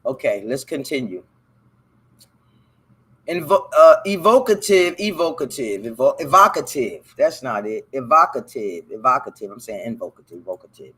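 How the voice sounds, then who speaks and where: A man's voice: mid-range voice, big pitch swings, normal speed, a bit bright, breathy edge. A man hosting a casual solo show, reading a text aloud and breaking off to comment in loose, profane slang, stumbling over hard words. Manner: loose, profane, talks back to the text he reads. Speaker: podcast host.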